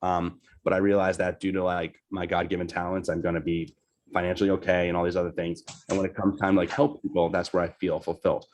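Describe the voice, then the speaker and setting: Casual, chatty man with a low voice. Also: level tone, fast, darkish tone, a little hiss or hum. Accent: New Jersey. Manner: loose, chatty, says "like" and "right?" a lot. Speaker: real estate team leader. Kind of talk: casual team training talk.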